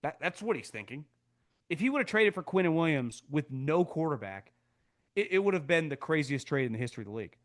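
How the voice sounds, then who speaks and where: A slightly high-voiced man hosts a live reaction show in an easygoing, casual way. He is opinionated and talks straight through, and he acts out quoted people with sudden jumps in pitch. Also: big pitch swings, fast. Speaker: podcast host, former NFL scout.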